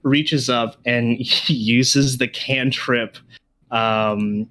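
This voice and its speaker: Brief: male player, slow and easygoing, mid pitch. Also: steady tone, pushed and bright. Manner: unhurried, with fillers. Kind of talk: tabletop game play.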